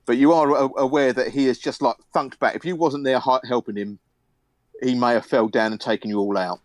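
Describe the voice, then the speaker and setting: A man narrating a tabletop game as game master, relaxed and rambling with many fillers. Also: mid-range voice, fairly quick, no echo.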